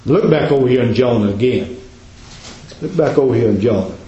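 A man preaching a sermon as a pastor, repeating his points and dropping to a low, hushed voice for emphasis. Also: lively intonation, a little fast, slight background noise. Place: church. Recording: echoey, dull church recording.

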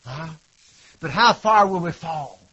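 A man delivers a fervent sermon in a high voice. He repeats his phrases and asks question after question, rising to loud cries and sinking to hushed lines. The recording sounds dull and lo-fi. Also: expressive, measured pace, slightly rough. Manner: impassioned, swinging from loud cries to hushed tones; rhetorical questions and repetition. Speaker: preacher.

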